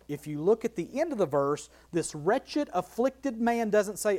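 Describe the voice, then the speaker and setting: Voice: mid-range voice, normal speed, hardly any pauses, a little mellow. A Bible teacher leading a verse-by-verse study, emphatic, repeating key phrases and asking rhetorical questions.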